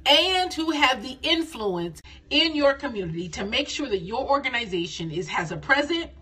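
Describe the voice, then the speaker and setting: A middle-aged woman coaching nonprofits on a phone live stream, lively and folksy, repeating phrases for emphasis. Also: high-pitched, normal speed, slightly rough.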